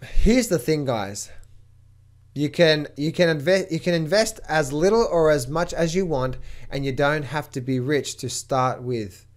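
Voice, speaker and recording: A trading coach speaks to camera with market commentary, his voice on the high side and his pace unhurried. He is emphatic and tends to repeat words when he gets excited.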